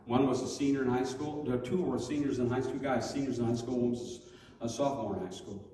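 Male Sunday school teacher, animated storyteller, echoey hall, far from mic. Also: medium pitch, fairly quick, slight background noise. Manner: animated, acts out quoted voices loudly. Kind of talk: storytelling sermon. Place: church hall.

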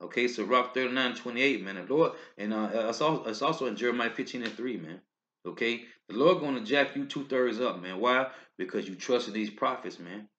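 This street preacher reads scripture in a sermon video, speaking in emphatic bursts that climb and drop and closing lines with "man, okay?" His mid-range voice has a fairly bright tone at a normal speed, captured on a dull lo-fi recording.

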